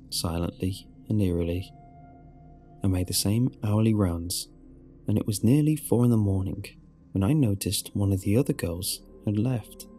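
A man narrating a first-person horror story in a low, measured storytelling delivery. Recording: soft music underneath.

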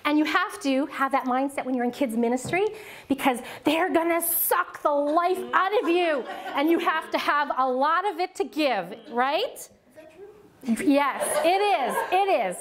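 A woman in her forties giving a lively, self-mocking workshop talk to a small church audience from a podium, acting out the voices she quotes. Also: sits high, measured pace, crowd noise. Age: 40s. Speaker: workshop speaker on children's ministry.

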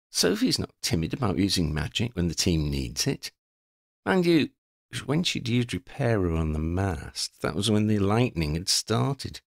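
Gravelly, animated male storyteller. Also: low-pitched, a little slow, no echo, studio quality. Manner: expressive, playful. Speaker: audiobook narrator.

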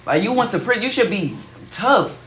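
A man's voice: sits high, expressive, a little fast, a bit bright. Man, provoking, roomy echo, faint noise. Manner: teasing, provoking. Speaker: livestream host. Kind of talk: casual teasing banter.

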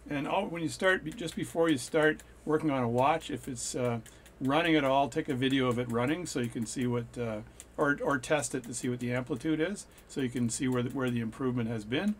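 A man's voice: medium pitch, brisk, a little hiss or hum. A man hosting his watch repair channel, chatting casually and jokily at his workbench with plenty of fillers and restarts. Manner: rambling, jokey, with fillers and restarts. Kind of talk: casual workshop talk.

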